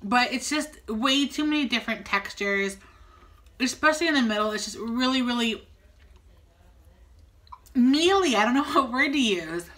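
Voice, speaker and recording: A woman's voice: on the high side, animated, moderate pace, pauses often, a bit bright. A woman co-hosting a casual food-tasting chat, describing textures in a chatty way full of "like". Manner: chatty, descriptive, fond of fillers like "like". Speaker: co-host of a vegan food review channel.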